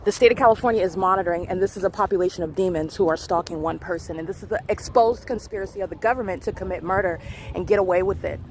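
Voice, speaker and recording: A woman's voice: fairly low pitch, fast talker, a little hiss or hum. A woman vlogger talking into her phone outdoors by a parking lot, in an accusatory, insistent and repetitive monologue. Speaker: vlogger documenting her surroundings. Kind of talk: rapid recorded monologue addressed to the camera.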